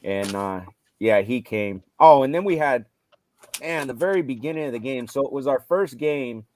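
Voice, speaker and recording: A middle-aged man chatting on a live show about his coaching. He tells his stories in a relaxed, casual way and turns loud and animated when he acts out what he said on the field. His voice sits in an ordinary, mid-range pitch. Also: moderate pace, slight background noise. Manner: animated retelling, loud when quoting himself. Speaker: high school football coach.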